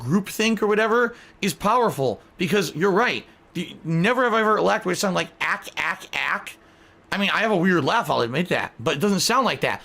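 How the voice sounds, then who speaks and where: A man's voice: on the high side, vocal fry, fairly bright tone. A male streamer ranting in indignant, profane commentary to his chat.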